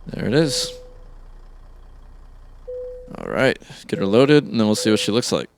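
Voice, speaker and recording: A man's voice: on the low side, huge pitch swings, a little slow, creaky, slight background noise. A man hosting a let's play, chatting casually and thinking aloud with an easygoing, chuckling manner. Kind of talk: casual gameplay commentary.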